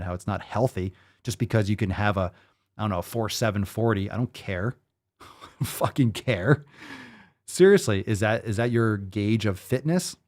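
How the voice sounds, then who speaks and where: A man hosting a fitness show, ranting with profanity, incredulous and full of rhetorical questions. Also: lowish voice. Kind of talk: ranting commentary.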